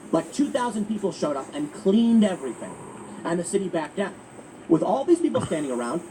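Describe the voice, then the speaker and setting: A man hosting political commentary, talking in an emphatic, animated way with frequent restarts. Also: fairly high pitch. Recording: distant mic with faint ambient noise.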